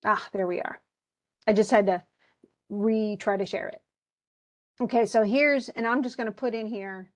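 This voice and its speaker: A woman's voice: medium pitch, steady tone, moderate pace, pauses often. A woman teaching a live online class, chatty, explaining with asides and voicing what students might think, on a computer mic.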